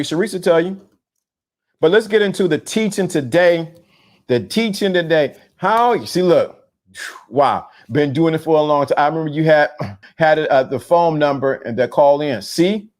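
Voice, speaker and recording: A middle-aged man hosting a casual live stream, talking in slang, repeating himself and giving shout-outs to viewers. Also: fairly high pitch. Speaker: host of a talk show on dating game. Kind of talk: casual live-stream talk reading chat.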